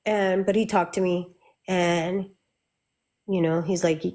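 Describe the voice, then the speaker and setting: A woman's voice: lowish voice, steady tone, slow, darkish tone. A middle-aged woman, a Santeria practitioner, chatting candidly and swearing freely as she tells her stories. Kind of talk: casual chat.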